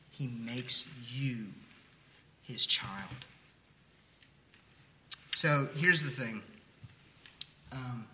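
A man preaching a sermon as pastor, animated, with joking asides and playful mock voices. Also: fairly high pitch, a little hiss or hum. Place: church sanctuary. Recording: echoey hall.

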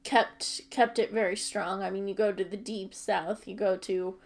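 A woman interviewing a guest in a casual, unhurried and hesitant way, with fillers. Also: medium pitch, steady tone.

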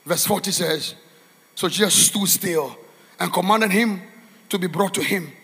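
A man preaching a fiery sermon in a church, shouting and chanting in a sing-song cadence. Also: sits high, a little slow, gravelly, slightly rough. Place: church hall. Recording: echoey church hall.

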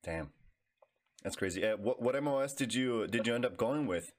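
A man's voice: medium pitch, lively intonation, moderate pace. A man, a fellow veteran, interviewing in a laid-back way, with slang and cursing. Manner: casual, profane, laid-back questioning. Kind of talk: casual interview.

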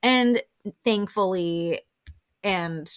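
A woman's voice: medium pitch, very slow, smooth. A young woman hosting a podcast, recapping reality TV in a chatty, casual way and leaning on "like" often. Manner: chatty, lots of "like", laughs often. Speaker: podcast host.

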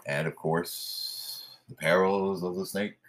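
Casting: low husky man from new york, podcast host, halting delivery. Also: fairly even intonation, a bit bright. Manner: hesitant, many fillers. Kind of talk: casual podcast commentary.

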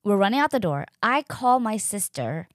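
A woman's voice: medium pitch, moderate pace, dry recording. Chatty young woman, dry close sound. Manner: animated, chatty, fills speech with "like", acts out quotes. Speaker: podcast host. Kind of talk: casual storytelling.

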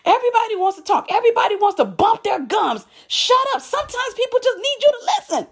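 A woman voicing a volatile, emotional young woman friend who shouts at the top of her lungs in a high, shrill voice. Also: very animated, fast talker, heavily acted. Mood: shrill exasperated.

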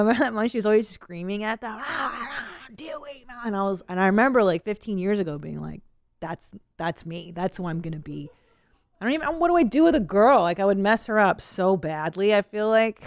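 A woman's voice: medium pitch, no room sound, clean studio sound. A woman in her thirties hosting a podcast, chatting casually and rambling, laughing often. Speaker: podcast host. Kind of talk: casual chat.

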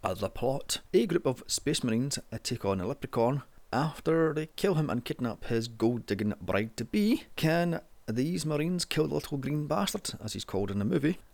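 A man's voice: medium pitch, very animated, normal speed, gravelly, a little mellow. A man narrating a casual movie review in a sarcastic, sweary way.

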